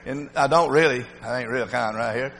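An older man preaching an emphatic revival sermon, swinging from shouts to low muttering. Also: moderate pace, big-room sound, poor audio.

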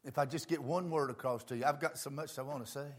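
A man preaching a homespun storytelling sermon in plain words, dropping to low murmurs and rising to fervent shouts. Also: fast talker. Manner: plain homespun phrasing with many asides.

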